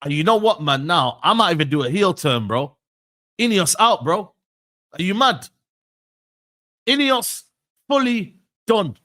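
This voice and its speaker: A man's voice: high-pitched, sing-song, measured pace, long pauses, bright, forceful tone. A man ranting in a heated reaction stream, full of slang and repeated outbursts. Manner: ranting, slangy, repeats "bro" and "are you mad".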